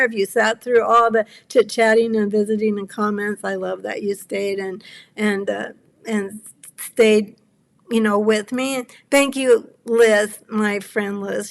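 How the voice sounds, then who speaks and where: A woman's voice: mid-range voice, gravelly. A woman in her seventies hosting a cardmaking livestream, chatting with viewers, apologetic and rambling, close to tears. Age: 70s. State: near tears. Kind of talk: casual chat with live viewers.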